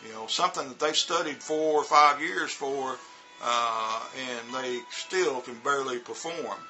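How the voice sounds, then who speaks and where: Bright-voiced man rambling on camera. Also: mid-range voice, measured pace, faint music behind, poor audio. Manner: rambling, repeats words, frequent fillers. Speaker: vlogger and former teacher in China. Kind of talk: casual spoken monologue.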